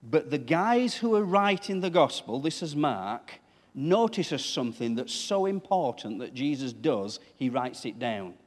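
A man's voice: mid-range voice, sing-song, measured pace, in a large hall. A man preaching a sermon as pastor, talking conversationally and putting questions to the congregation. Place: church.

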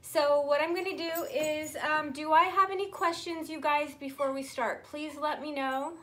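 A woman hosting a casual live-stream handbag sale from a room at home. She chats in a friendly way and coos at her pets in a high voice. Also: fairly even intonation, moderate pace, pushed and bright. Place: room at home in natural light, pets nearby.

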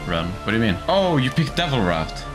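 A man streaming a game in casual commentary, excitable, swearing often and laughing a lot. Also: medium pitch, brisk. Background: game music.

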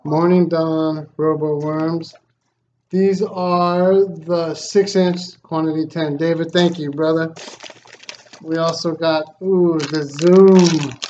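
A man hosting a fishing channel, unboxing gifts in a casual vlog, excited and full of thanks. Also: a little high, slow. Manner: excited, grateful, exclaiming. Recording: slightly dull lo-fi sound, faint noise.

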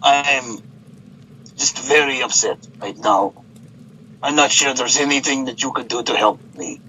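A man's voice: mid-range voice, unhurried, bright, forceful tone, slight background noise, low-quality recording. A man voicing a heartbroken, self-pitying young man who whines and stammers.

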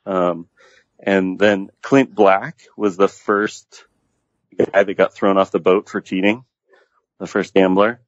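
Low-voiced man retelling movie scenes. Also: slow pace, no room sound. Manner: animated, retells scenes at length. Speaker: podcast guest. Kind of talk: casual movie discussion. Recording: dull lo-fi audio.

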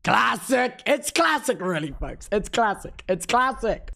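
High, excitable young-sounding man streaming. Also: a little slow, gravelly. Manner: excitable, swearing, joking narration of mishaps. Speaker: streamer commentating a live event. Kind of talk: casual live-stream commentary.

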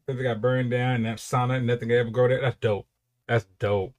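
A man's voice: medium pitch, flat delivery, moderate pace, heavy background noise. A young man giving casual, rambling commentary while reacting to music, with frequent repeated praise.

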